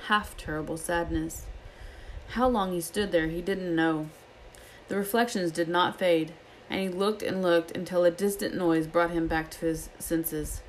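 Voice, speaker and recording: A woman reading a novel aloud as an expressive storyteller. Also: on the low side, slight background noise, poor audio. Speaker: reader.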